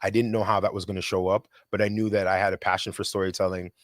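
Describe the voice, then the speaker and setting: A man's voice: sits low, dry recording, studio quality. A young adult man, a filmmaker guest, talking reflectively and animatedly in a casual conversation. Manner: reflective, animated storyteller with quick impressions.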